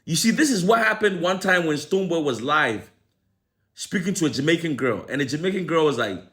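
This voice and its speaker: A man's voice: a little high, expressive, fairly quick, fairly bright tone. A man with a Ghanaian accent tinged with American, delivering an opinionated commentary full of rhetorical questions. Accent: Ghanaian English with some American. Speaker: entertainment commentator. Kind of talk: opinionated monologue.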